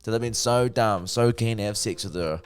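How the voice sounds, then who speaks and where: A man's voice: lowish voice, normal speed, clean tone, soft background music. A young man casually reviewing a TV show, chatty and swearing freely. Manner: chatty, swears freely, acts out characters' lines. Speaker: TV review vlogger.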